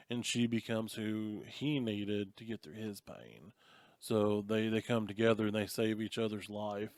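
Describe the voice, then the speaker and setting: A man's voice: lowish voice, clean tone, no room sound, studio quality. A man co-hosting a podcast, casually and animatedly retelling a movie plot. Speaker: podcast co-host. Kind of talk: casual chat.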